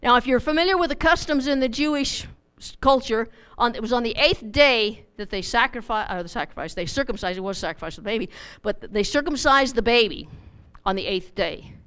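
Middle-aged lady teaching bible study, chatty, repeats herself, smooth clear voice kinda high. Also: lively intonation, brisk, a bit bright.

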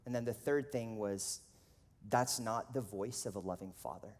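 A man in his thirties preaching a sermon in a casual, animated storytelling way, full of "like". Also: fairly low pitch, moderate pace. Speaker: pastor. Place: church auditorium. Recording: long reverb of a large hall.

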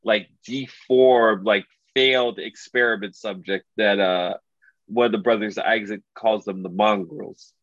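A man casually retelling a story as a podcast co-host, animated and loose, full of filler words. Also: fairly low pitch, a little slow, no echo. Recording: dull lo-fi dry recording.

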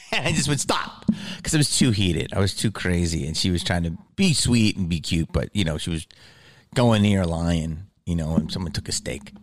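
Animated man ranting on a podcast. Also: low voice, moderate pace, no echo, studio quality. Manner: animated, profane, self-justifying rant. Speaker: podcast host. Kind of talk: podcast commentary on a clip.

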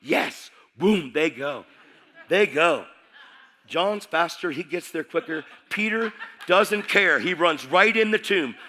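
A man preaching a sermon, passionate and emphatic, repeating phrases and swinging from hushed to shouting. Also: on the high side, animated, slow pace, a little hiss or hum.

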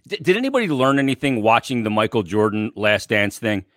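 A man with a mid-range voice and a lively, swinging delivery argues his points on sports radio. He is emphatic, asking rhetorical questions and adding wry jabs. The sound is dry and close. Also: fairly low pitch, fairly quick, no room sound. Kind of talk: casual sports radio chat.

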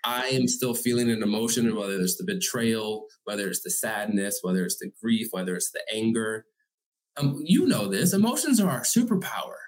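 Animated, earnest man coaching parents. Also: lowish voice, normal speed. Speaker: single parent life coach, guest. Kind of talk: conversational interview.

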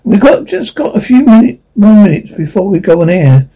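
An impatient studio man in an old radio horror play, voiced by a reader, curt and hurried with a husky, lively delivery. He wants the visitor gone. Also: medium pitch, poor audio. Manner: curt, trying to get rid of a visitor.

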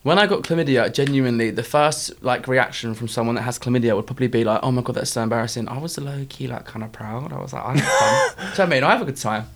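A young man co-hosting a casual podcast, reading out listener dilemmas with loud laughs and dramatic shrieks. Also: mid-range voice, fast talker, few pauses. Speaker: podcast co-host.

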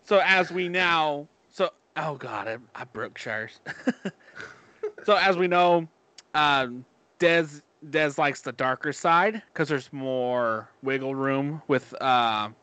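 Podcast cohost dude, laughs a lot, kinda high voice, dry sound. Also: male voice, slow pace, pushed and bright, smooth, no echo. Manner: laughs often, hesitant fillers. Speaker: podcast co-host. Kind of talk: casual podcast chat.

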